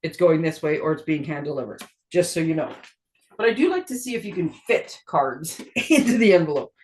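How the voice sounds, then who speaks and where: A woman's voice: sits low, animated, brisk, a little mellow. A middle-aged woman from Canada hosting a card-making tutorial, chatty and rambling, often laughing at herself. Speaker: stamping demonstrator and card-making host. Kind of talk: casual craft tutorial chat.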